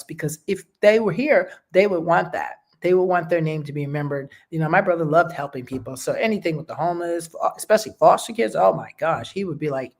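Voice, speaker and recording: A woman's voice: low-pitched, fast talker, creaky. A woman hosting a show, talking in a casual, heartfelt way and often checking in with "okay?" and "you know". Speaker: host.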